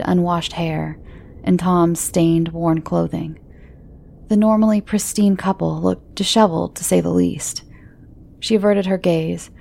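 A woman narrating a horror story in a calm, measured way. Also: lowish voice, creaky.

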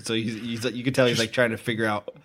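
A man's voice: mid-range voice, little pitch movement, fast, fairly bright tone. A man co-hosting a horror movie podcast, chatting enthusiastically and laughing often. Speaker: podcast co-host. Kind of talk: casual movie review chat.

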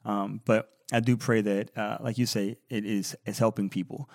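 A man's voice: on the low side, little pitch movement, moderate pace, gravelly, darkish tone, no room sound, clean studio sound. A man who is a Catholic priest, hosting a podcast in a casual, rambling way, reading out listener feedback with lots of fillers and repeated words.

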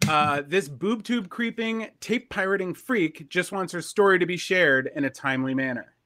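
A man reading out trivia questions and hosting over a video call. His voice sits slightly high, and his delivery is dry and matter-of-fact. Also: normal speed, pushed and bright. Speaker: host and quizmaster.

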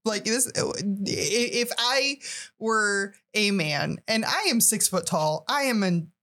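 A woman's voice: medium pitch, slow, a bit bright. A woman co-hosting a podcast in casual chat, laughing often and reflective. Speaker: podcast co-host.

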